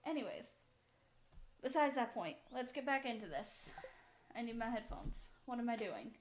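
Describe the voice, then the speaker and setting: A woman's voice: fairly high pitch, animated, moderate pace, slight background noise. A woman streamer chatting casually and rambling to herself while playing a game at home. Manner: rambling, chatty, self-talk between game actions. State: out of breath.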